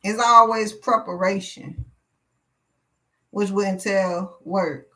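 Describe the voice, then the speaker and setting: A woman's voice: mid-range voice, steady tone, slow pace, sharp tone, low-quality recording. Woman, live tarot reader; blunt, preachy, swears freely.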